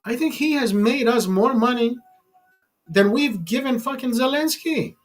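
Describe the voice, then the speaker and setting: A man's voice: very high voice, animated, unhurried, faint music behind. Heated, swearing man ranting. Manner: profane, heated, repetitive restarts. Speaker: channel host. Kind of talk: political rant.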